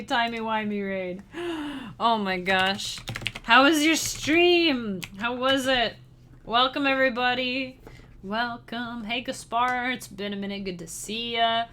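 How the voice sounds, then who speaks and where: A woman with a higher, pushed, bright voice takes her time while talking to her live-stream chat over slight background noise. A bubbly, giggly chiptune musician and streamer, she speaks straight to her audience.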